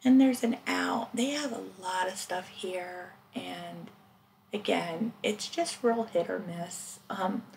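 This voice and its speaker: A woman's voice: medium pitch, gravelly, slight background noise. A middle-aged woman narrating her thrift finds in a casual, chatty way, often dropping into a whisper. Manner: chatty, excitable, drops to whispers. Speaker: thrift reseller vlogger. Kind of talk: casual narrated haul vlog.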